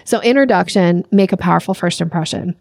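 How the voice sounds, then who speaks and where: A woman's voice: lowish voice, brisk, creaky, a little mellow, no room sound, clean studio sound. A woman coaching on sales in a podcast interview, talking conversationally and acting out little scenes in other voices. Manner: conversational, uses "frankly" and "like" often.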